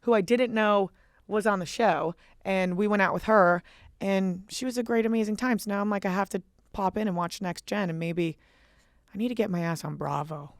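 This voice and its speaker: Gravelly young woman, loud and profane. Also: medium pitch, moderate pace, no echo, studio quality. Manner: animated, profane storytelling. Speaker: podcast host. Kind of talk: casual chat.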